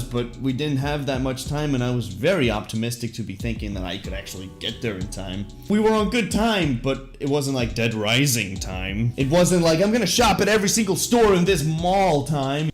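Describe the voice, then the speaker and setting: A young man telling an embarrassing story in a comedic storytime monologue, jokey and self-deprecating with puns and asides. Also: on the high side. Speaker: vlogger.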